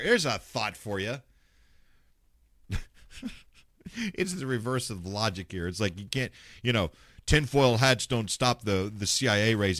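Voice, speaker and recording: A man's voice: fairly low pitch, sharp tone, dry recording, studio quality. A man hosting a talk radio show, ranting bluntly and sarcastically with plenty of swearing. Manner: mocks callers in put-on voices.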